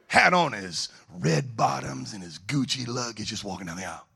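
A male preacher delivering a sermon with comic storytelling, swinging from low murmurs to shouting. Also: sing-song, brisk, vocal fry, few pauses, husky.

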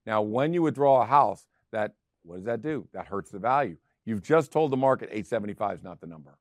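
A man's voice: fairly low pitch, lively intonation, fairly quick, no room sound, studio quality. A middle-aged man hosting a real estate show, talking casually and driving his points home with emphatic repetition. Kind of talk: casual talk show monologue.

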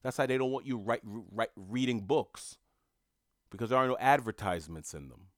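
A man's voice: mid-range voice, normal speed, dry recording, studio quality. A man delivering a motivational monologue, emphatic and repetitive, in a coaching tone. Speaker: motivational speaker.

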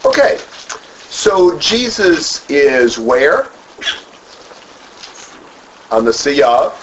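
A man's voice: on the high side, big pitch swings, drawn-out words. A man leading a group Bible study, who asks questions, then repeats and expands on the answers. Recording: dull lo-fi room recording with faint noise.

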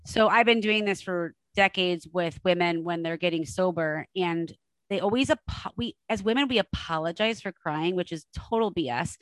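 A woman's voice: on the low side, moderate pace, dry recording, rough recording. A middle-aged woman hosting a podcast interview, speaking directly and emphatically, encouraging her guest. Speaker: podcast host. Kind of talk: interview conversation.

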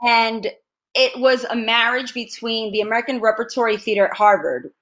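Brief: a lively actress as an interview guest, somewhat high voice, relating stories with laughs. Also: female voice, moderate pace. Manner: animated storyteller, laughs often. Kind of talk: casual interview conversation.

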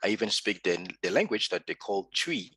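A man's voice: on the low side, fairly quick, breathy edge, no room sound. A man from Gabon in his thirties, a podcast guest talking in a casual interview and acting out the lines he quotes. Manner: animated storyteller, acts out quoted dialogue.

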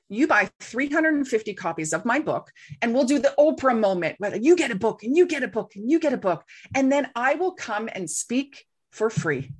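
A woman's voice: on the high side, brisk, hardly any pauses, slightly rough. A middle-aged woman, a guest in an interview, telling a story in a casual way and acting out the voices she quotes. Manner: animated, acts out quoted voices.

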